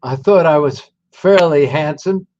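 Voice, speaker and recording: A man in his nineties, a veteran telling his life story to an audience in a slow, deliberate, folksy way. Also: a little high, darkish tone, dull audio. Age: 90s.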